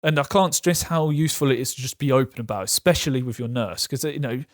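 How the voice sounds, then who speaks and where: A man's voice: medium pitch, no room sound. Guy, frank vlog talk, stops and restarts, jokes about hard things; dry, close recording. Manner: frank, halting, laughs through hard topics. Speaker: vlogger sharing patient experience. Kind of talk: candid personal talk to camera.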